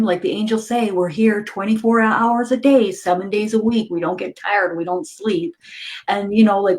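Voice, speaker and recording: A woman medium hosting a casual spiritual chat, enthusiastic and laughing often. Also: mid-range voice. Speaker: medium and host.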